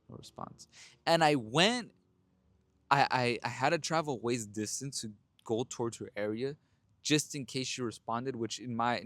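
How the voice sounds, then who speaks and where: A young man talks straight to listeners in a blunt, profane, casual way. His voice sits at an ordinary middle pitch. The sound is close and dry, with no room around it. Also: fairly bright tone, no echo. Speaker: podcast host. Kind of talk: casual monologue.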